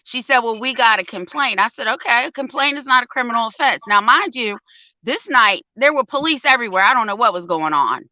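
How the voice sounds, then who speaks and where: A woman's voice: a little high, a little fast, dry recording, muffled recording. An older woman, a parent advocate, telling a story in casual talk and acting out the quoted voices. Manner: animated storyteller, acts out quotes.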